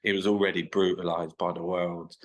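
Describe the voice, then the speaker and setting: Sweary man, low voice. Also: flat delivery, a little fast, poor audio. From England. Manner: rambling, sweary, stop-start anecdotes. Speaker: guest artist. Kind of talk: casual storytelling interview.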